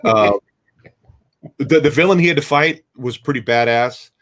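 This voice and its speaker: A man's voice: medium pitch, unhurried, a bit bright. A man co-hosting a comic book podcast, talking casually and hesitantly with many fillers. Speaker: podcast co-host.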